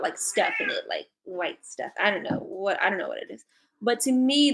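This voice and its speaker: A psychic reading angel cards on a live stream from her home, with her cat, talks in a highish, fairly bright voice. She's chatty and giggly, laughing a lot and peppering her speech with fillers.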